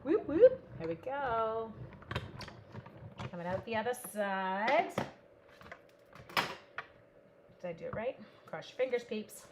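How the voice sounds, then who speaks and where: Middle-aged woman from Canada, craft-stream host, mid-pitched, chatty and excitable, self-deprecating humor. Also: slow pace, pauses often, background noise. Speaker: host of a live card-making stream. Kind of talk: live craft tutorial with chat greetings.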